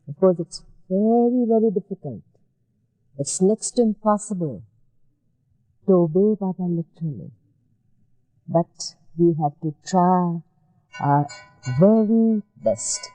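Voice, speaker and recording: A woman from India, recalling her past for an oral history interview. She tells each memory gently and at an unhurried pace, in a warm, dark voice. The recording is dry, with no room sound. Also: lowish voice, no echo, soft background music, low-quality recording. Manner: gentle, measured storytelling with repeated phrases.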